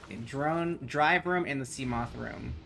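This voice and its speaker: A man's voice: mid-range voice, moderate pace, gravelly, a bit bright, faint music behind. A man giving playful, joking commentary while playing a game, stumbling when he reads text aloud. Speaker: gaming streamer.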